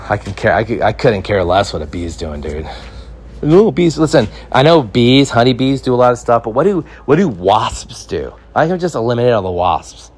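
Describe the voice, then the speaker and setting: A young man from California hosting a podcast, telling rambling comic stories in casual, swearing slang. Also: on the low side. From California, United States. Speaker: podcast host.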